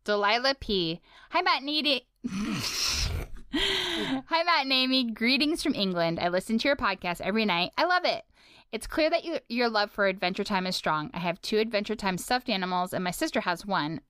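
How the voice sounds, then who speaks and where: A woman's voice: on the high side, lively intonation, normal speed, fairly bright tone, clear, resonant tone, no echo, studio quality. A woman co-hosting a podcast in casual chat who reads out listener mail in a friendly, easygoing way. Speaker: podcast co-host.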